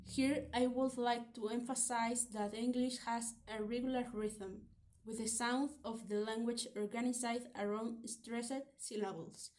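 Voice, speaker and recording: Slow-speaking woman presenter. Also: fairly high pitch, steady tone, darkish tone. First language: Spanish. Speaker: student presenter. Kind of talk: reading a prepared explanation.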